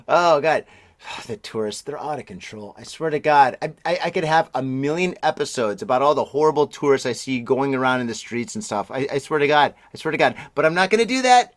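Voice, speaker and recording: A middle-aged man hosting a news podcast in casual chat, excitable and chatty, exclaiming and laughing often, his voice slightly husky after a throat illness. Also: on the high side, no room sound, clean studio sound. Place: Tokyo.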